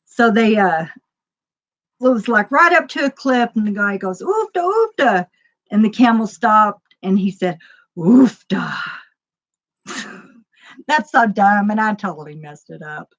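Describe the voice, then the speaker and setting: A woman's voice: medium pitch, unhurried, fairly bright tone. A woman chatting casually as a stream host, rambling and laughing often. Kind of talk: casual chat.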